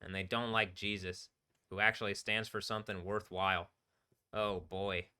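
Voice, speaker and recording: Speaking at normal speed with a flat delivery, a man with a fairly low pitch and a bright, forceful, clear, resonant tone rambles on a solo livestream. He curses and laughs between remarks, recorded on a computer microphone.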